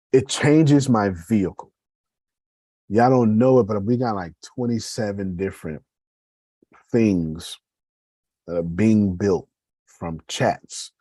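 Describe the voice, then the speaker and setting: A man's voice: sits low, warm tone, breathy edge, no room sound. A man running a casual motivational talk about his business, speaking straight to listeners and rambling through his points. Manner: conversational, addresses listeners as y'all, rambling with restarts.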